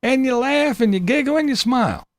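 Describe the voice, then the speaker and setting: A man's voice: very high voice, lively intonation, brisk, no room sound. A man hosting his own channel, delivering a profane, exasperated rant straight to his viewers. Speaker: channel host. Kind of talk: ranting vlog monologue.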